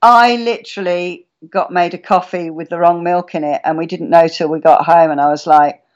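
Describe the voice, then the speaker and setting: A woman's voice: lowish voice, steady tone, moderate pace, dull audio. A woman chatting casually on a live stream, telling stories and acting out her own reactions. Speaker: guest speaker.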